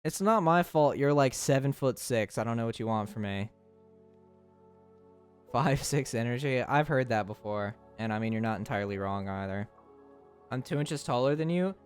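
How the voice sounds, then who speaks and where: A young man streams live and bounces through a playful chat with viewers, his pitch leaping up and down with every tease. He laughs constantly and stumbles over his words in quick restarts. Faint music plays underneath. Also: lively intonation, smooth.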